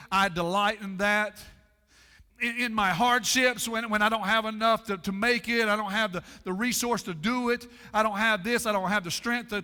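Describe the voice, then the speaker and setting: A man preaching a sermon as pastor, with dramatic pauses and lots of repetition, in a church sanctuary. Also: high voice, sharp tone, smooth, big-room sound.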